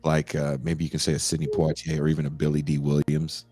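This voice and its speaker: A man hosting a podcast, chatting casually and animatedly about old movies. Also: very deep voice. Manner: animated, laughing, quick asides. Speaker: podcast host.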